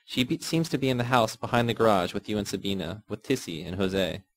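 A man with a fairly low voice narrates a first-person novel. His reading is steady and measured, in the manner of an audiobook. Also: poor audio. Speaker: audiobook reader.

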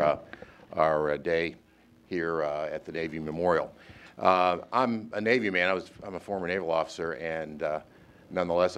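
An older man, a former naval officer hosting the event, telling a story with many pauses and filler sounds. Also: low voice, fairly bright tone. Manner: halting, lots of uhs. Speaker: event host. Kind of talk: closing remarks and anecdote.

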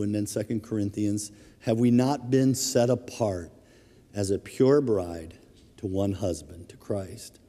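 A man's voice: on the low side, measured pace. Middle-aged male pastor preaching in a hall. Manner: storytelling, animated, chuckles through anecdotes. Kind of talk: sermon. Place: church sanctuary. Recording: long hall reverb.

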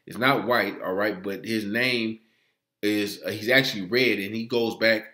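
A religious teacher preaches from scripture, packing nearly every phrase with "all right" and frequently stammering and starting over. His lowish voice is steady, a little slow, pushed and bright, and heard in a reverberant space.

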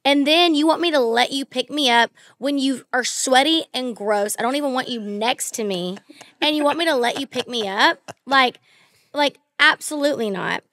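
A young woman and country singer telling stories in casual podcast chat, animated, swearing freely, and acting out what people said. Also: high-pitched, moderate pace, no echo, studio quality. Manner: animated, swearing, acts out quotes in bursts. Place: podcast studio.

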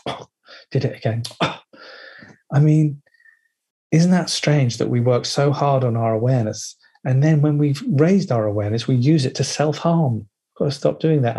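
A man leading a lively online workshop, playfully acting out inner voices and swearing casually. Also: mid-range voice, breathy edge. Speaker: workshop teacher.

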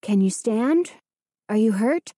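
A woman voicing a concerned boy who speaks softly and gently. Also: fairly high pitch, expressive, takes it slowly, husky, no echo, clean studio sound, full character voice.

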